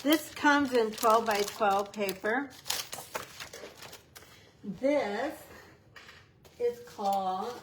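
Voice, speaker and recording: A woman's voice: fairly high pitch, extremely slow, pauses often, a little hiss or hum, poor audio. Chatty upbeat woman demonstrating crafts. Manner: chatty, upbeat, talks while working with hands. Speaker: papercraft demonstrator. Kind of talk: casual craft tutorial.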